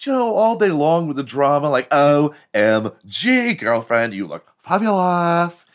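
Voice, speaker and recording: A man putting on the voice of a campy, theatrical man who gushes dramatically. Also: big pitch swings. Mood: gushing. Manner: shrill, drawn-out, gushing.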